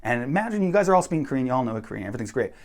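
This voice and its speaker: A young man telling stories in a casual, animated monologue, bluntly acting out the people he quotes. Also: mid-range voice, very fast. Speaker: vlogger.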